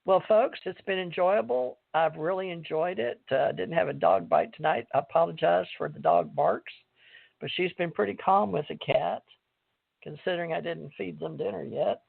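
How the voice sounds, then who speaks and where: A woman's voice: lowish voice, vocal fry, no echo. A woman hosting an online talk radio show, rambling casually with many fillers and calling her listeners folks. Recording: tinny dry phone-line audio.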